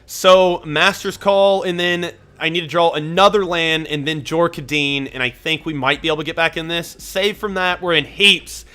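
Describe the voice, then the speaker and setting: A man commentating his own card game match as he plays, thinking aloud, getting excited and swearing when frustrated. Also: fairly high pitch, normal speed, few pauses, clean tone. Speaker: gameplay commentator. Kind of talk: live gameplay commentary.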